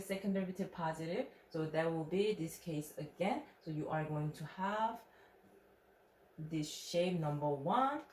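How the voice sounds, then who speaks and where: A woman's voice: fairly low pitch, darkish tone. A woman math instructor walking through a recorded lecture step by step, checking in with rhetorical questions. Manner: step-by-step explaining, frequent "right?" check-ins. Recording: echoey room with faint noise.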